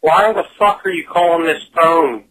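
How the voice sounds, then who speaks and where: A man's voice: on the high side, moderate pace, fairly bright tone. A man on a prank phone call, hostile and swearing.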